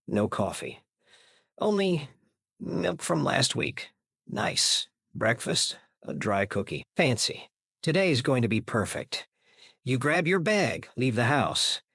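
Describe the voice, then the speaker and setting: A narrator reading a comedic English lesson in short, deadpan sentences. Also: medium pitch, no echo, clean studio sound.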